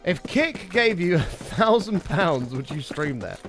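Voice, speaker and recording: A British man on a live stream, talking casually to his chat with heated, swearing rants. His pitch swings widely as he talks, and faint music plays underneath. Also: very animated, a little slow, fairly bright tone. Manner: heated ranting, frequent swearing, chatty asides to viewers.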